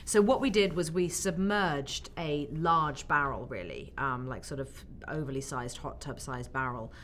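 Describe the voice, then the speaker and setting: English woman, 40s, deep-ish voice, animated storyteller on a press junket, faint noise. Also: a little slow. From England. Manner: animated storyteller, acts out quotes. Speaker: actress being interviewed. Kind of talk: casual interview chat.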